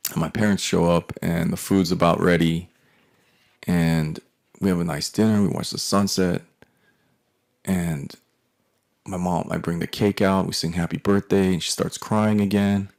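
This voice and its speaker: A man's voice: deep voice, steady tone, a little slow, gravelly, pauses often, a little mellow. A man in his forties telling a personal story in a profane, rambling, wry way. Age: 40s. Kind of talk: casual storytelling monologue.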